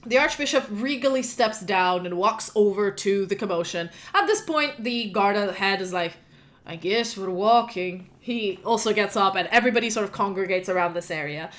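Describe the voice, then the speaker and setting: A woman's voice: mid-range voice, fairly quick, few pauses. A woman runs a tabletop role-playing game, narrating the scene casually. She talks in a loose, chatty way with frequent fillers and restarts. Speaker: game master.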